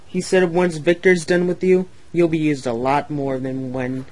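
A kind older male engine from a homemade toy-train story , voiced by a man. He reassures others in an easy, rambling manner, his voice a touch high. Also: level tone, measured pace, darkish tone, lightly acted, poor audio. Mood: reassuring.

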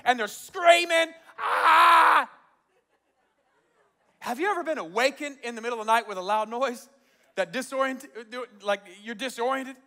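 Fairly quick and very high-pitched, a male pastor gives a sermon in a large church auditorium. Laughter comes often as he tells animated stories and acts out what people said.

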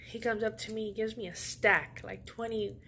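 Woman vlogger spilling a story, sassy and slangy, kinda high voice, faint noise behind. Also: moderate pace. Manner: sassy, slangy, animated retelling. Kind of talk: casual storytelling.

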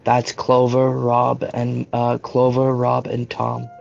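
A man in a tabletop game who speaks in a flat, gravelly monotone. He talks bluntly and hesitantly. His voice is dulled by a muffled voice-chat line. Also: medium pitch, slow, soft background music. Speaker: player. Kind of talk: casual tabletop role-play.

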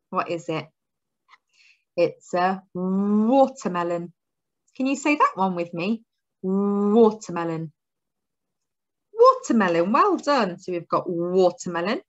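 A woman's voice: mid-range voice, highs cut off. A woman teaching a phonics lesson to young children, drawing out her words in a sing-song, encouraging way. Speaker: early years teacher.

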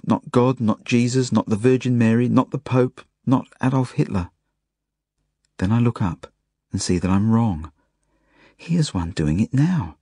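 A man reading an audiobook as a first-person narration, in plain, measured storytelling. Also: fairly low pitch, dark tone, slightly rough, dry recording, studio quality. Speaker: audiobook reader.

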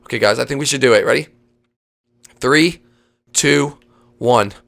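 Excitable woman with gravelly fry. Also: extremely low pitch, measured pace. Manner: excitable, bossy, swings into shouts. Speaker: host. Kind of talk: video game role-play.

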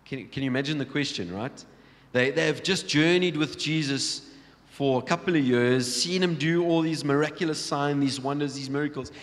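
A man preaching a sermon, telling Bible stories with lively acted-out scenes and frequent restarts. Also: on the high side, normal speed. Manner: storytelling, acting out Bible scenes, many restarts. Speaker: pastor. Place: large church hall. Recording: long church hall reverb.

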